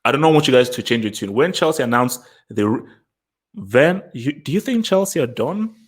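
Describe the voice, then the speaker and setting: A man's voice: medium pitch, expressive, normal speed. A man hosting a live football fan stream. He taunts his chat, repeats himself, and keeps laughing at the viewers. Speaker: host of a football fan show.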